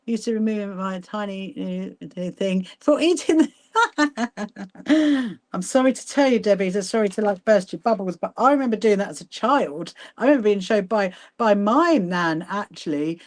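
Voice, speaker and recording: A woman hosting a casual sewing livestream, chatting warmly with viewers by name and laughing often as she works. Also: fairly high pitch. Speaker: livestream host. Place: sewing room at home.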